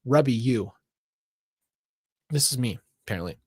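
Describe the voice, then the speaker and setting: A man reads an interactive story to his stream, stopping often to laugh and grumble about it in an exasperated way. He speaks at a middling pitch. He is recorded close to the mic in a dry room. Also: expressive, normal speed, darkish tone, slightly rough, no room sound. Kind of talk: reading an interactive story aloud with commentary.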